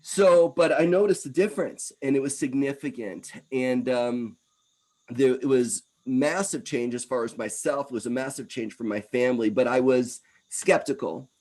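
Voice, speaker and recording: A man in his fifties giving an energetic wellness presentation, animated and talking in quick bursts. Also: medium pitch. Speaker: wellness speaker. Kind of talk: presentation talk.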